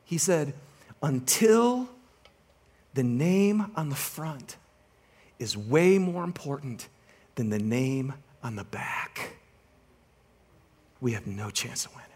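A man's voice: medium pitch, slow pace, pauses often, husky. A man preaching a sermon, telling a story with humor and teasing the congregation. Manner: animated storytelling, joking with the congregation. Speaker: pastor.

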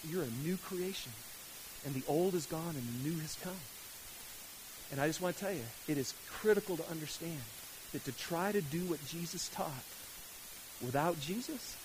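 A man in middle age delivers a sermon with a notably high-pitched voice. He speaks emphatically, swinging between loud, urgent outbursts and quiet, hushed lines. A faint hiss runs under the recording. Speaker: pastor.

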